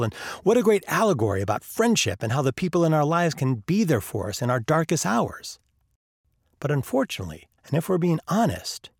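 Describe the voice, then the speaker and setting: A man's voice: medium pitch, creaky, husky, no room sound, studio quality. A man hosting a podcast, telling a story and acting out the characters' lines. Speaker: podcast host.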